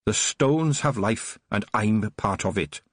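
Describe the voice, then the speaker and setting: A man's voice: fairly low pitch, slow pace, a bit bright, slightly rough, dry recording, heavily acted. A man voicing a sinister, honeyed old witch who runs a shop, gleeful and menacing. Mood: rapturous. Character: sinister sugary old woman witch shopkeeper. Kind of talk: audiobook character voice.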